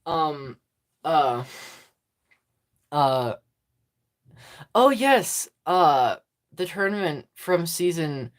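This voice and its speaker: A chatty livestream host talking straight into a phone at home, giggling often and losing the thread. The voice is mid-pitched, and the talk wanders through fillers and restarts. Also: expressive, extremely slow, pauses often. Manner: rambling and giggly, full of fillers. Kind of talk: casual livestream chat with viewers.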